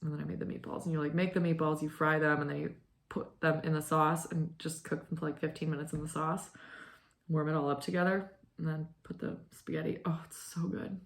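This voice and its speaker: Low creaky-voiced young woman rambling. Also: little pitch movement, fairly quick. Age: 20s. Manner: rambling, lots of fillers and "like". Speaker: knitting podcast host. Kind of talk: casual chat.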